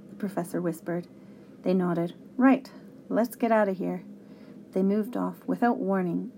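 A woman narrating a children's storybook aloud with an expressive read-aloud delivery. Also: mid-range voice, slight background noise.

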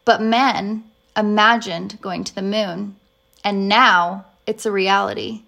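A woman voicing a wise, patient older male professor who speaks slowly and distinctly in a storybook reading. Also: mid-range voice, fairly even intonation, creaky, bright, forceful tone, full character voice. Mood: earnest. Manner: slow, distinct and earnest.

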